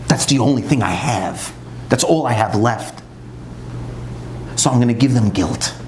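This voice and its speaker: A man voicing the Satan as a scheming male tempter spirit, muttering his plans low in a sermon. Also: creaky, darkish tone, slight background noise. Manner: low, plotting, self-pitying muttering. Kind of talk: quoted voice in a sermon.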